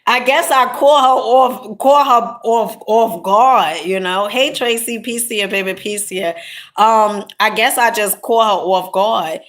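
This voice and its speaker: A woman's voice: medium pitch, a little slow. A woman talks to her viewers in a loose, rambling storytelling vlog. She often starts over and fills gaps with "um" and "you know". She keeps calling listeners honey and my love. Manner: chatty, rambling, with many fillers and restarts; warm pet names to viewers. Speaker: content creator.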